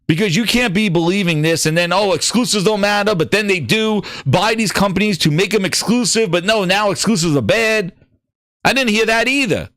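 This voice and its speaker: A man hosting a gaming news livestream, ranting in an excitable, profane and mocking way. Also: high-pitched, normal speed, no echo, clean studio sound. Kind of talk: livestream rant.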